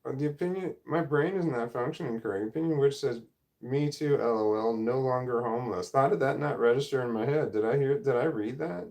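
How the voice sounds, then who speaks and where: A middle-aged man chats loosely on a livestream from his room, reading out comments and drifting onto side thoughts. His voice sits in an ordinary middle pitch with a gravelly, creaky edge. He talks in a rambling, self-deprecating way. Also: brisk, a little mellow. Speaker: livestream host reading chat. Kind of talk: casual livestream chat. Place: home room, indoors. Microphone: camera or phone mic at desk.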